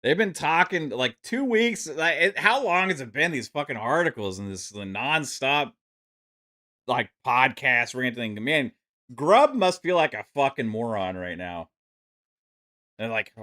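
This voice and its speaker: A man's voice: medium pitch, sharp tone. A man hosting a gaming podcast stream, ranting profanely and mocking with sarcasm. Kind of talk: ranting live stream commentary.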